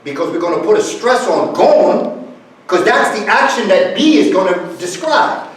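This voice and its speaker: Animated man lecturing in an echoey room. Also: high voice, normal speed. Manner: animated, acts out example phrases, coaxes audience to join in. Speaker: guest speaker. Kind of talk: lecture to a live audience. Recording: echoey room, far from the mic.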